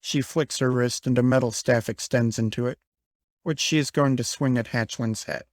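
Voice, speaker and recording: A man narrating a tabletop game as game master, describing action in a measured way. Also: medium pitch, steady tone, dry recording.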